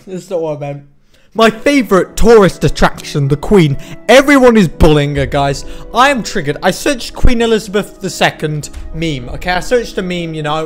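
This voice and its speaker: High, lively young man, mock-outraged. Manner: mock-outraged, repeats "okay?" constantly; laughs at own jokes. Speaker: YouTuber. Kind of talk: comedic reaction vlog.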